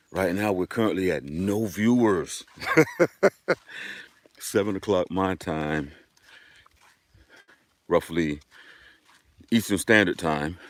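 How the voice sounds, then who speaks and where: A man hosting a casual live stream outdoors, chatting upbeat and directly to his viewers while walking a dirt road. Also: sits low.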